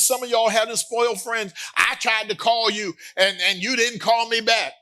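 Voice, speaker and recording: High, bright-voiced preacher man. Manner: storytelling preacher, builds to emphatic exhortation; conversational, teasing asides to the congregation. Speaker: pastor. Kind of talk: sermon.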